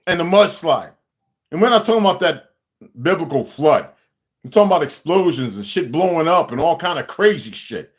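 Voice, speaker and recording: Guy going off on a livestream, loud cussing rant, high voice that jumps all over. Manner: aggressive, profane, confrontational. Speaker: livestream host.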